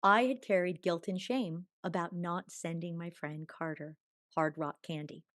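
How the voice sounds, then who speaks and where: A woman in her sixties, a podcast guest telling a personal story in an animated way, acting out quoted dialogue and laughing often. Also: fairly low pitch, measured pace. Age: 60s. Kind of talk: storytelling in a conversational interview.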